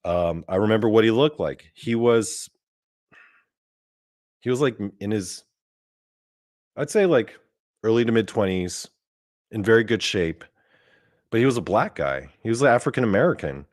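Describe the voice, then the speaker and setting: A man's voice: lowish voice, expressive, moderate pace, pauses often, dry recording, clean studio sound. A man hosting his own podcast, telling a first-person story in a casual, rambling way, with plenty of swearing, fillers and restarts. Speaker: podcast host.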